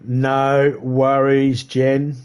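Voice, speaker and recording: A man's voice: medium pitch, monotone, extremely slow, a little mellow, clear, resonant tone. A man chatting casually with his viewers while streaming a game, rambling and laughing often. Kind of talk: casual live-stream chat.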